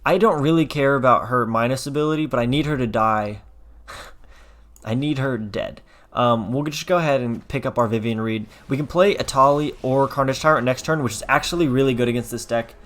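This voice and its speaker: A man's voice: medium pitch, fairly quick, a bit bright. A young man giving casual gameplay commentary, thinking aloud as he plays, often correcting himself, with a wry tone when things go wrong.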